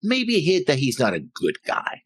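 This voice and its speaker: A man's voice: fairly high pitch, huge pitch swings, normal speed, breathy edge, no room sound. A man co-hosting an anime reaction show, chatting casually and reading episode notes in a rambling, jokey, stumbling way.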